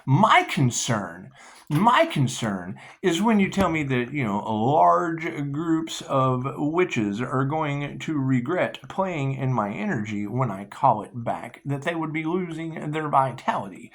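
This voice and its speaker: A middle-aged man hosting his own spiritual channel, talking in a wandering, sarcastic monologue that repeats phrases and breaks into sudden loud bursts. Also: fairly high pitch, sing-song, unhurried.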